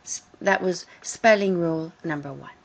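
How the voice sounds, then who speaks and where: A woman teaching English grammar in a recorded lesson, explaining slowly and carefully and repeating key points. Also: lowish voice. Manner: slow, careful explaining with repetition.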